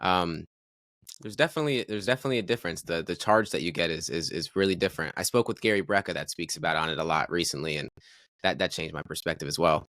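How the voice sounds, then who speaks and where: A man hosting a podcast interview, speaking thoughtfully and a little haltingly, often repeating words. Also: sits low, fairly bright tone, dry recording. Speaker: podcast host. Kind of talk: interview conversation.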